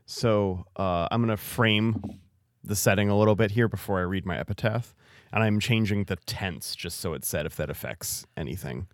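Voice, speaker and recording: Low-voiced, wry podcast co-host man. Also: normal speed, no room sound, clean studio sound. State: recovering from illness. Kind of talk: casual chat.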